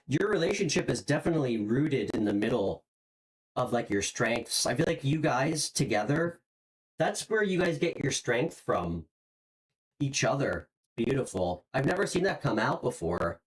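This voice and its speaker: A tarot reader hosting a live stream speaks very animatedly at a moderate pace and medium pitch, offering a casual, encouraging reading. Lots of "um" and "like" and repeated words fill the gaps while the reader hunts for the next thing to say. The audio is poor.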